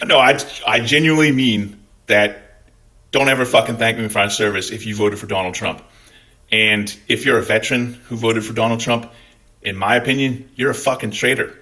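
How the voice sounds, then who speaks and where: A man's voice: on the low side, sharp tone. A Scottish man hosting his own channel, talking bluntly in an angry vlog rant full of swearing. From Scotland. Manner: blunt, heavy swearing, fired up. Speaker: channel host.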